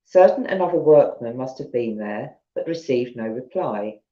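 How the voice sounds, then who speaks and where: A woman's voice: very deep voice, lively intonation, moderate pace, mellow. A woman with a Southern English accent, reading ghost stories aloud at home and chatting with her viewers between them. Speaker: storyteller on a live stream. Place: at home on a sofa. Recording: roomy, dull lo-fi stream audio.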